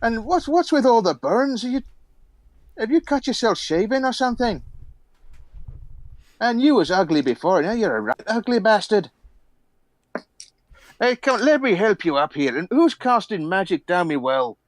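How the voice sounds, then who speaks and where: A grizzled old dwarf with a thick Scottish accent, as a man puts him on, crude and gruff, hurling insults at everyone. His voice is pushed well above the man's own, with a dry close sound. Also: sits high, sing-song, moderate pace, pauses often, no room sound, voice pushed up. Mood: mocking. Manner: cursing, insulting.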